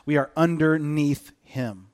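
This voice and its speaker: Joking pastor with a lively voice. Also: male voice, fairly high pitch, takes it slowly. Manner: casual and joking, with lively acted-out quotes. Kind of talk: conversational sermon.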